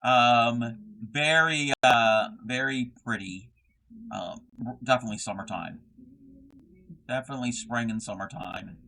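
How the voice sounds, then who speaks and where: A man's voice: mid-range voice, measured pace, creaky, pushed and bright. A young man hosting a casual craft livestream, reading chat messages aloud and rambling with lots of fillers and restarts.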